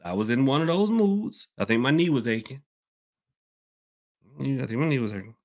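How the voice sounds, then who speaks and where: A man's voice: mid-range voice, lively intonation, moderate pace, a little mellow. Rambling man hosting a podcast. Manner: rambling, repeats himself, addresses listeners as y'all. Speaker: podcast host and hoodoo worker. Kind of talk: casual open-topic podcast talk.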